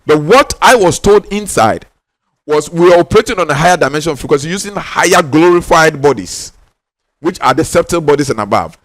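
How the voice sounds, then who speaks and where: In studio-quality audio without echo, a man with a Ghanaian accent teaches on spiritual matters in a fairly high, expressive, somewhat bright voice. His delivery is emphatic, with key lines repeated and stressed words drawn out.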